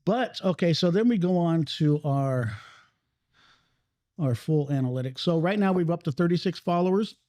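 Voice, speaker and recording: A man's voice: fairly high pitch, expressive, moderate pace, mellow, no room sound, clean studio sound. A man hosting a podcast in casual chat, rambling and swearing freely as he talks. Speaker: podcast host. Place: cigar lounge.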